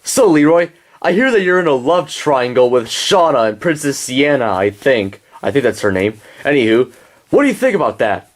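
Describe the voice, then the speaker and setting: A man in a homemade puppet show, interviewing puppet guests in an excitable, rambling way. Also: on the high side, moderate pace.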